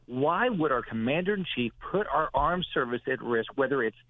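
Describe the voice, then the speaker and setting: A man's voice: medium pitch, animated, normal speed, no echo. Blunt indignant man on a tinny phone line. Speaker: senator, radio guest. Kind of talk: phone-in radio interview.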